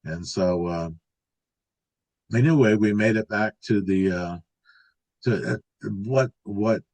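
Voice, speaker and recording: Older male guest, lowish voice, casual rambling storyteller. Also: slow pace, darkish tone, rough recording. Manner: rambling, restarts and filler words. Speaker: interview guest recounting an encounter.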